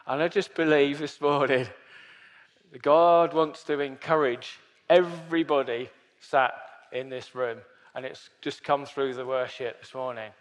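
A man's voice: medium pitch, steady tone, measured pace. A man preaching a sermon to a congregation, chatty and joking with the people in the room. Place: church hall with a congregation. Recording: long hall reverb.

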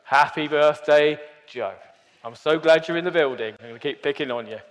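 A man's voice: medium pitch, fast talker. A man preaching a sermon to a congregation, chatty and joking with the people in the room. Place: church hall with a congregation. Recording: long hall reverb.

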